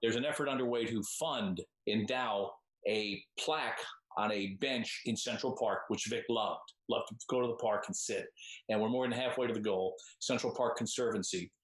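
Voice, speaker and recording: A man hosting a comedy roundtable over a video call, speaking in a measured, announcing way. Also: fairly low pitch, reverberant, poor audio. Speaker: host.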